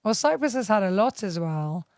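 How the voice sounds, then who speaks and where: A woman's voice: mid-range voice, sing-song, normal speed, darkish tone, dry recording, studio quality. A woman hosting a hotel interview show, prompting her guest with encouraging questions. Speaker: talk show host.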